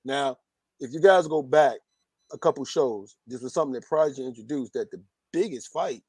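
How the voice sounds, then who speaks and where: A man co-hosting a boxing podcast, talking through matchups in a measured, analytical way. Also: medium pitch, a little mellow, breathy edge, no room sound.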